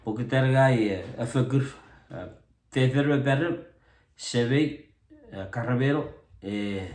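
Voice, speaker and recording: A man with a Chuukese accent talking casually to camera, relaxed and self-deprecating, often pausing on fillers as he switches between English and Chuukese. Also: mid-range voice, echoey room. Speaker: vlogger introducing himself as a translator.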